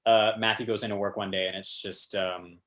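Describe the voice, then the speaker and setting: Animated man telling stories, full of fillers. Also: lowish voice, fairly quick. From Georgia, US South. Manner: animated storyteller, many fillers. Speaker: guest, actor. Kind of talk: casual interview chat.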